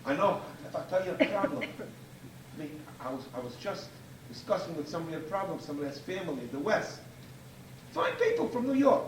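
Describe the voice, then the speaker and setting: A man lecturing as a rabbi, his high voice swinging widely in pitch as he drives each point home and repeats phrases for weight. He is heard from a distance in an echoey room, with faint hiss under the talk. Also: brisk. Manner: emphatic, repeats key phrases, animated. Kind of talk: Torah lecture to an audience.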